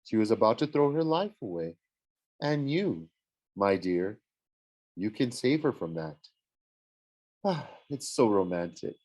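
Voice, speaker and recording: A man's voice: on the low side, sing-song, measured pace, pauses often, darkish tone. A man voicing a dramatic, swooning goddess of love in an audiobook, gushing and theatrical. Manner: gushing, theatrical, sing-song. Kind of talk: audiobook character voice.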